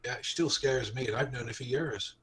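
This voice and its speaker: A man playing his character in a tabletop game, gentle and easy-going. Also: mid-range voice, a little fast. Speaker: player.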